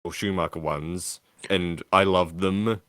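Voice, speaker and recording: Rambling man, lowish voice. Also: fairly even intonation, measured pace, a bit bright, no echo. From Australia. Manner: rambling, full of "like"s. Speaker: podcast co-host. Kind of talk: casual chat.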